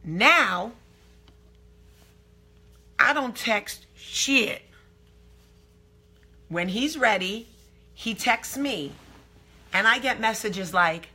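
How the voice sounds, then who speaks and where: A woman hosting her own vlog, telling a candid story to camera in a brash, profane, animated way. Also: a little high, extremely slow, long pauses, slightly rough. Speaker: vlog host.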